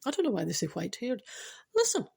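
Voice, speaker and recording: A woman's voice: a little high, wildly swooping pitch, fast talker, gravelly, a little mellow, slightly rough. A Scottish woman in her forties telling a rambling comic story, chatty and self-interrupting, often adding "I know" and ad-libbing. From Scotland. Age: 40s. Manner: chatty, keeps saying "I know", ad-libs and digresses.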